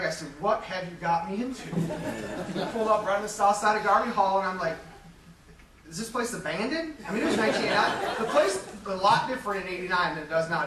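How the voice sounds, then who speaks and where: A man around forty from Metro Detroit, telling candid, self-deprecating stories as a Hall of Fame inductee giving an acceptance speech. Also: sits high. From Metro Detroit, Michigan. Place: large hall. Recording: echoey hall, distant mic, faint hum.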